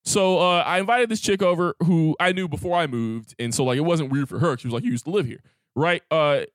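A man's voice: fairly high pitch, fast talker, no echo, clean studio sound. A man co-hosting a podcast, telling a crude story in casual chat with lots of animation. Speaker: podcast co-host.

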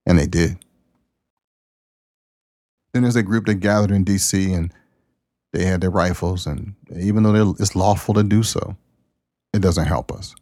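A man's voice: deep voice, normal speed, pauses often, darkish tone, no echo, studio quality. A man hosting his own podcast, giving a folksy, preachy monologue in plain, down-to-earth words. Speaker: podcast host. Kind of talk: casual spoken monologue.

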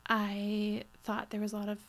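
A woman's voice: mid-range voice, completely flat delivery, normal speed. A woman co-hosting a podcast in a chatty recap, full of "like" and acted-out quotes. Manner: chatty, lots of "like" fillers, acts out quoted lines. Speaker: podcast co-host. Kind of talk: casual recap chat.

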